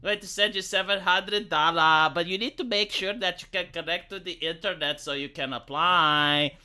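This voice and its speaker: A man from Romania hosting a casual stream, talking in an animated, mocking way and slipping into quick impressions. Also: high voice, clear, resonant tone. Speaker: streamer host. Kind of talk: casual political banter.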